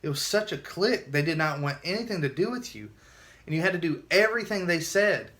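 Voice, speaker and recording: A man's voice: fairly high pitch, animated, a little fast, fairly bright tone. A man telling his own story in a casual vlog, earnest and emotional, often restarting his sentences.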